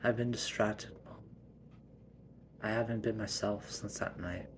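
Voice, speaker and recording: A man improvising a family story, softly spoken and sometimes dropping to a whisper. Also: fairly low pitch, steady tone, a little slow, slight background noise.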